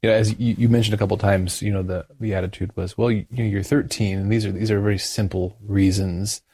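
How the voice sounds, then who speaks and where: A male interviewer talking in a thoughtful, halting way with many restarts. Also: on the low side, little pitch movement, dark tone, slightly rough. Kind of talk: conversational interview.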